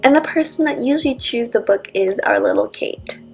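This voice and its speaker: A cheerful woman with a slightly high voice narrates her day in a voice-over. She is chatty and walks through each chore step by step. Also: expressive, a little fast, creaky, music in the background, low-quality recording. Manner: upbeat, chatty, explains her routine step by step. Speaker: vlogger and mother.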